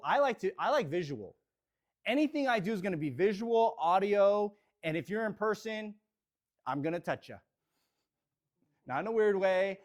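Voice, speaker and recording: A man leading a live real estate training session, speaking energetically and motivationally straight to the audience. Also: high voice.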